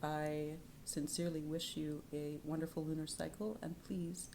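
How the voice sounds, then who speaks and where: Low-voiced woman giving a tarot reading. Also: normal speed, noisy background. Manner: soft-spoken, drifting into whispers; lively and laughing when telling stories. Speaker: tarot reader. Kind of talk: spiritual tarot reading vlog. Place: home in Canada.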